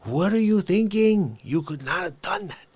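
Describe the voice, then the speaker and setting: A man hosting a casual live stream who talks straight to his viewers, excitable and upbeat, jumping from loud bursts to quiet asides. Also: sits high, moderate pace, slightly rough, no echo. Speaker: livestream host.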